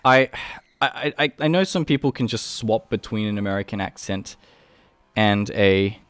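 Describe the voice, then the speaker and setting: On a casual livestream, a young man with an Australian accent talks as he animates, rambling and often restarting, with many fillers. His voice is lowish and a bit bright at a normal pace, and the recording is dry.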